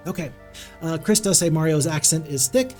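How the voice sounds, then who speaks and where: A man's voice: fairly high pitch, normal speed, darkish tone, soft background music. A man streaming a strategy game live, giving upbeat commentary as he thinks aloud and greets his chat.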